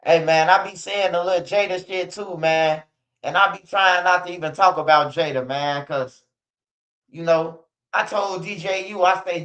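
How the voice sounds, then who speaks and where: A man's voice: fairly high pitch, moderate pace, a bit bright, poor audio. A man ranting bluntly in casual street slang, repeating himself and swearing often. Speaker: streamer.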